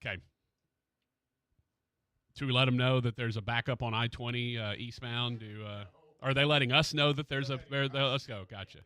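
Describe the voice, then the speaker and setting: A man hosting a sports radio show in a studio, chatting casually and excitedly about college basketball. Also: medium pitch, moderate pace, pauses often, clear, resonant tone, no room sound.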